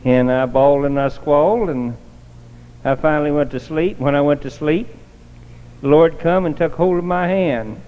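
A man's voice: fairly high pitch, moderate pace, clear, resonant tone. A man preaching, telling a homespun testimony in a colloquial, storytelling way. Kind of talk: folksy sermon testimony. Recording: dull lo-fi recording in a reverberant church hall.

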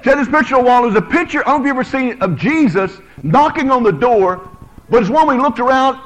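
Male preacher, middle-aged, from the US: high-pitched, swooping delivery, jokes with his congregation through a lively sermon. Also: quick pace, rough recording. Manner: animated, storytelling, joking with the congregation.

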